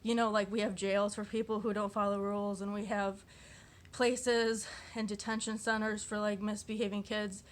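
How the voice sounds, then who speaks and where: A woman vlogs casually, reading quotes aloud and reacting in a rambling, chatty way full of fillers and restarts. Her voice is medium-pitched and flat at a moderate pace, and she's giggly and self-deprecating, often laughing at herself.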